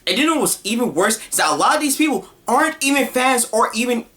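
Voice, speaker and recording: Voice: medium pitch, animated, fast talker, fairly bright tone. An online commentator delivering a heated opinion rant, blunt and scolding, full of casual slang and exasperation.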